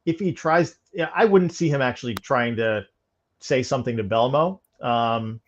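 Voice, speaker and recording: A man's voice: medium pitch, moderate pace. A man from New York co-hosting a bowling podcast, giving thoughtful, analytical takes and often restarting phrases. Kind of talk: casual commentary. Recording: dull lo-fi audio.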